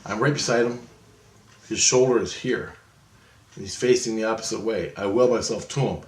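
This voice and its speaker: A male vlogger tells a long story in a rambling, animated monologue, swearing often and correcting himself along the way. His voice is fairly low, his speed normal, and the sound is roomy.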